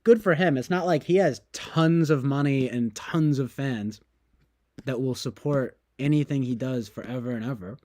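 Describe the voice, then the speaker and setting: A man's voice: medium pitch, moderate pace, a little mellow, no room sound. A man streaming, talking casually in a sarcastic, mocking and rambling way.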